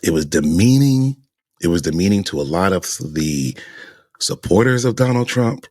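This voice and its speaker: A man's voice: low-pitched, animated, moderate pace, a little mellow, dry recording, studio quality. A man hosting a podcast, giving emphatic opinion commentary full of rhetorical questions. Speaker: podcast host.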